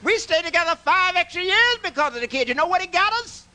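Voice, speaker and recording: A man's voice: very high voice, big pitch swings, quick pace, bright, forceful tone, a little hiss or hum. A man doing stand-up comedy on a club stage, firing brash one-liners and teasing the live audience. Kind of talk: stand-up comedy with crowd work.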